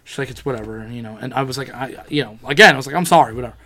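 A man's voice: medium pitch, rapid-fire, pushed and bright. A young man telling a rambling, profane story in a casual chat among friends.

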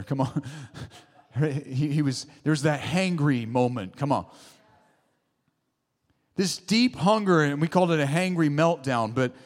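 A man preaching a sermon in a church, emphatic, with rising exclamations and call-and-response asides to the congregation. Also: a little high. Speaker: pastor. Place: church sanctuary. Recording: long hall reverb.

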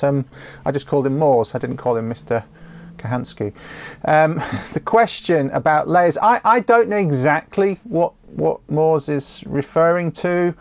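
A man's voice: mid-range voice, darkish tone, no room sound. A man hosting a questions show from his home office. He talks in a chatty way, full of ums and restarts. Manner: chatty, with frequent ums and self-corrections. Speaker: host answering viewer questions. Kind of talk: casual solo talk.

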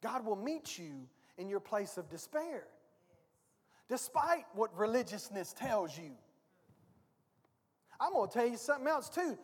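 Man, pastor, sermon, very high voice, folksy rhetorical questions, long church-hall reverb. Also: big pitch swings, a little slow, long pauses, husky. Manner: preaching with rhetorical questions to the congregation; informal, folksy preaching. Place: church sanctuary.

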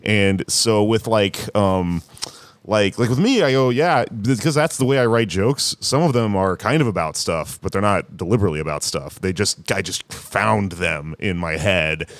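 A man's voice: fairly low pitch, expressive, normal speed, no echo. A man talking casually on a podcast, rambling and swearing with lots of fillers. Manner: rambling, profane, many fillers. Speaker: comedian podcast host.

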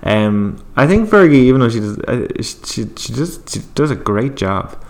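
A man co-hosting a film podcast, talking casually and insistently, quick to laugh. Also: medium pitch, very animated. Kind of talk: casual chat.

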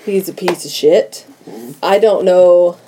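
A woman's voice: fairly low pitch, fairly even intonation, slow pace, warm tone, slightly rough. A woman co-hosting a casual podcast chat, offhand and giggly. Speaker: podcast co-host.

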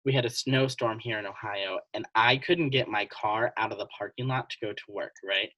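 A podcast co-host telling personal stories in casual chat, animated and laughing often. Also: medium pitch, normal speed, no echo, lo-fi sound.

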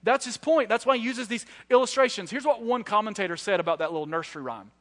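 A man in his thirties, a guest preacher delivering a sermon with animated storytelling and self-deprecating humor. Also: high voice, quick pace. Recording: echoey hall.

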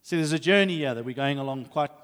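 A male preacher with a high voice delivers a lively, story-driven sermon. His words ring out with a long reverb, as if in a big church hall. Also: fast talker. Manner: animated storytelling, acts out voices.

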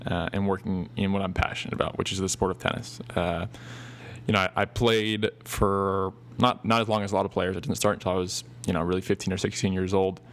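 A man's voice: deep voice, level tone, a little fast. A young man in his twenties hosting a solo podcast, talking loosely with many fillers and restarts. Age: 20s. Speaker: podcast host. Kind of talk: casual solo podcast talk.

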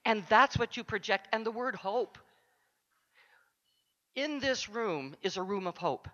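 A woman's voice: medium pitch, lively intonation, measured pace, a bit bright. A woman counselor giving a heartfelt acceptance speech, speaking directly to the audience. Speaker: award recipient, counselor. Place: conference luncheon hall. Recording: dull sound in a large echoing hall.

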